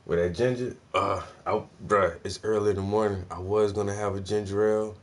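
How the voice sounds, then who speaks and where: A man's voice: fairly low pitch, fairly even intonation, fairly quick, a little hiss or hum. A man ranting casually about his neighbors, slangy, profane and full of laughs. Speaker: vlogger, artist. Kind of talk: casual rant.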